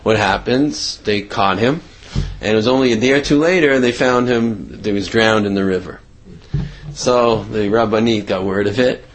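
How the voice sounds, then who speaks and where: A man's voice: lowish voice, normal speed. A man telling a religious story in a talk, loose and conversational with many restarts.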